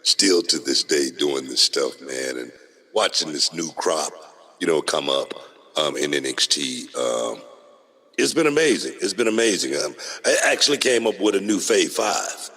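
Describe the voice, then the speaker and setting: A middle-aged man with a very deep yet bright voice talks in a lively, animated way. His tone is a little husky, and the sound rings with a long hall reverb. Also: moderate pace. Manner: animated, laughs often, repeats words. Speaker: podcast host. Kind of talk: casual podcast chat.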